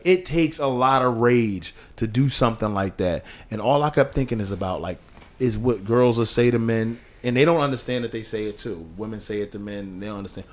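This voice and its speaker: A slightly mellow male co-host talks with passion on a casual podcast. When he stresses a point his pitch rises, and when he quotes others it drops low.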